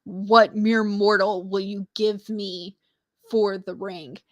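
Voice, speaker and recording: A woman's voice: medium pitch, level tone, slow pace, no room sound, highs cut off, lightly acted. A woman voicing a pompous male creature living in a garbage disposal, which demands payment from mortals, as she retells a story. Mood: demanding. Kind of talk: retold story with quoted lines.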